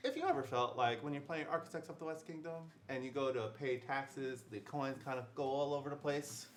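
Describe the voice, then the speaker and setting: A man hosting a live board game unboxing, showing off the pieces with a playful, jokey home-shopping sales pitch. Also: animated, fairly quick, reverberant. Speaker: host.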